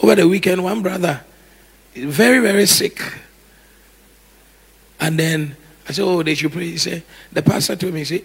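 A man preaches with a husky, gravelly voice set fairly high. He is animated, acting out little scenes with sudden shouts and bursts of laughter. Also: normal speed, long pauses. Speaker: pastor. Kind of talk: sermon.

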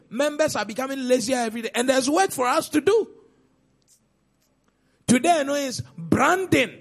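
A man preaching a sermon as pastor, with pointed rhetorical questions and sudden loud outbursts. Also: very high-pitched, husky.

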